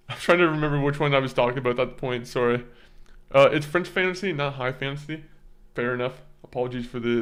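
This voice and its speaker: A man at a mid pitch talks loosely to his stream audience. He meanders from thought to thought, laughs between sentences, and stumbles over his words as he goes. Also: a bit bright. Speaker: gaming streamer. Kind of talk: casual chat with stream viewers.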